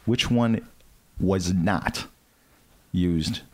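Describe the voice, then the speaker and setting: A man's voice: deep voice, drawn-out words, breathy edge. A man co-hosting a casual comedy podcast, reading out quiz items and laughing often. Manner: animated, laughs often, reads items off a list. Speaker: podcast co-host running a quiz.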